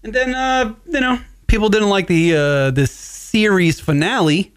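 A man's voice: sits high, measured pace, clean tone. A man hosting a call-in radio show, ranting casually and swearing constantly as he rambles. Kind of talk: casual profane radio chat.

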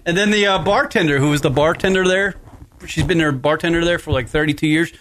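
A man's voice: on the high side, fast, background noise. A man hosting a podcast, telling a long rambling story in casual chat, swearing freely. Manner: profane, rambling, laughs mid-story. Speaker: podcast host.

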